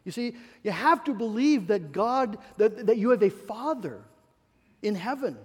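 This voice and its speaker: A male pastor preaching a sermon, swinging between loud emphatic stretches and soft confiding asides, often repeating words as he restarts. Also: high-pitched, expressive, a little slow, slightly rough. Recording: long hall reverb.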